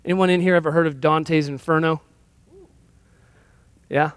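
Guy preaching a sermon, high voice, chatty and jokes about himself, dry close sound. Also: steady tone, normal speed, smooth, dry recording. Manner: conversational and self-deprecating storytelling. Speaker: pastor.

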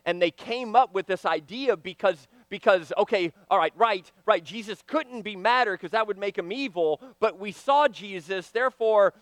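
A man preaching a sermon, swinging from loud emphatic lines to hushed, quiet ones. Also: sits high, normal speed, few pauses, no echo.

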